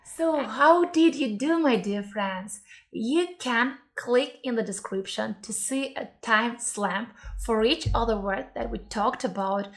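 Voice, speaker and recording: A woman teaching pronunciation, speaking slowly and carefully and modelling words for learners to repeat. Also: a little high. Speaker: Russian language teacher. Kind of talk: pronunciation lesson.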